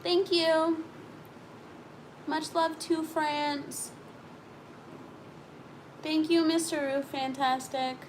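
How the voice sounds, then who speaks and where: A woman's voice: sits high, fairly even intonation, slow, pauses often, slight background noise, poor audio. A young woman co-hosting a casual live stream, chatting sleepily and reading viewer comments aloud.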